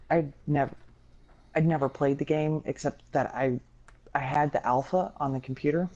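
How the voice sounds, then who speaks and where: Woman podcast co-host, mellow voice, blunt and profane, lo-fi recording. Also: extremely low pitch. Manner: candid, blunt and profane storytelling. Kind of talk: casual podcast chat. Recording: dull lo-fi sound.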